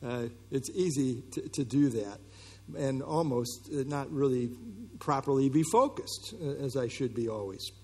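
A man preaching a sermon in an earnest, conversational teaching manner, often pausing with fillers and restarting his phrases. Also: medium pitch, warm tone, breathy edge, long reverb tail. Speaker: pastor.

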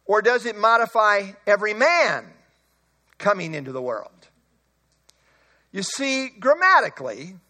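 A man preaching an expository sermon, emphatic, slowing and rising on key words. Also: sits high, pushed and bright.

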